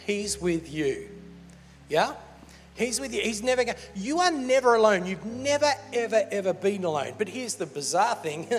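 A man preaching a sermon as pastor, animated and playful, laughing between points. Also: sits high. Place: large church hall. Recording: church hall with reverb and faint music.

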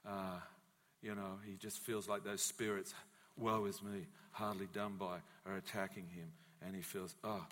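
A man preaching a sermon as pastor, telling a Bible story in a lively way and acting out the voices of the people in it. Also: mid-range voice. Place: church hall. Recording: long church hall reverb.

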